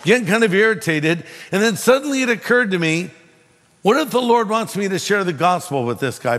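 A man preaching to a congregation in a fairly high voice that carries a long hall echo. He tells stories with animated swings in pitch and acts out the other person's lines. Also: brisk. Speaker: pastor. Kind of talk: sermon with storytelling.

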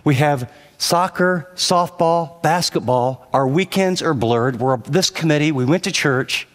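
A middle-aged man preaching a sermon as pastor, telling a story from his marriage and then exhorting with rising intensity. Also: measured pace. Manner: earnest, storytelling preacher who rises in pitch when exhorting. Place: large church auditorium. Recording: long hall reverb.

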